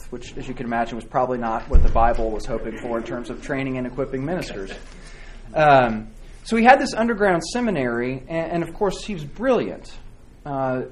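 A man teaching a church class on devotional reading, speaking with frequent pauses, fillers and restarts. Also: mid-range voice. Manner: halting, many fillers and restarts, warm encouraging replies. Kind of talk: Sunday school class teaching.

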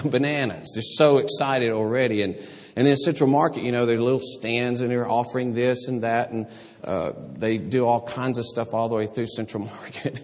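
With a medium-pitched, somewhat mellow voice, this older pastor delivers a sermon built on stories. He acts out voices and laughs along the way, his words carried by a long hall reverb.

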